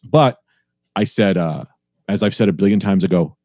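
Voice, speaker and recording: Low, dark-voiced comedian rambling. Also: male voice, moderate pace, no room sound, studio quality. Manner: rambling, profane, self-deprecating storyteller. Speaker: comedian guest. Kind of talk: casual podcast storytelling.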